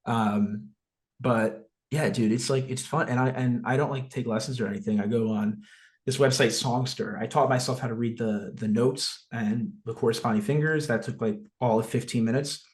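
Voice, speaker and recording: A man's voice: mid-range voice, fairly even intonation, normal speed, a little mellow. Rambling young man with New Jersey accent. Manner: rambling, filler-heavy, frequent swearing. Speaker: guest. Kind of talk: casual podcast chat.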